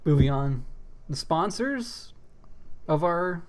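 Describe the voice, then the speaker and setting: A young man co-hosting a comedy podcast, pitching a parody show in a deadpan mock-host voice full of ums and uhs. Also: slow. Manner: deadpan mock-host delivery with frequent fillers.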